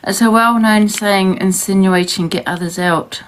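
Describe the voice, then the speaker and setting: A woman's voice: medium pitch, moderate pace. A woman from New Zealand chatting casually on a livestream, rambling and defensive and laughing often. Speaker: livestream host.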